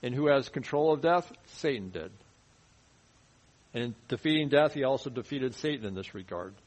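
A man teaching verse by verse through a Bible passage in a conversational sermon, often dropping his voice low to stress a point. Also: animated, moderate pace, poor audio. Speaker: pastor. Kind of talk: expository sermon.

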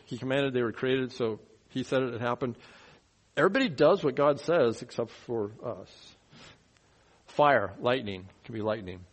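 A man preaching a sermon in a conversational way, asking the listeners rhetorical questions and swinging between quiet asides and loud, emphatic bursts. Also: mid-range voice, expressive, normal speed.

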